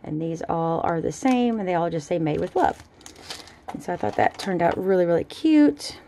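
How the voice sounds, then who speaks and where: A woman casually showing off her handmade jewelry in a relaxed, chatty way at a home craft table. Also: lowish voice, moderate pace, vocal fry, slight background noise. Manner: chatty, relaxed, fond little asides. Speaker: jewelry-making vlogger. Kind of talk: casual show-and-tell.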